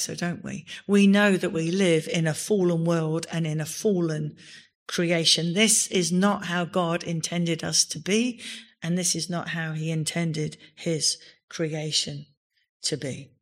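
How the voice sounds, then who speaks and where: A woman's voice: deep voice, a little slow. A woman pastor giving a sermon in a church, speaking with emphasis and rising to exclamations on key words.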